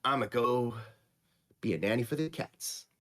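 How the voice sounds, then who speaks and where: A man's voice: medium pitch, normal speed, fairly bright tone, natural voice. A man voicing a kind, humble young girl in a told bedtime story, speaking meekly.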